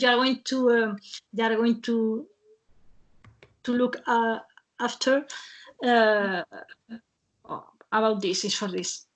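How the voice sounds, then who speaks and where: Hosting a laid-back online webinar by video call, a woman speaks in a fairly high, slightly bright voice. She stops and starts a lot, using plenty of fillers, and frequently laughs between phrases.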